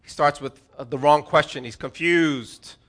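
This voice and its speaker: A man preaching a sermon as pastor, with an earnest delivery that swings between hushed and emphatic. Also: fairly high pitch, normal speed.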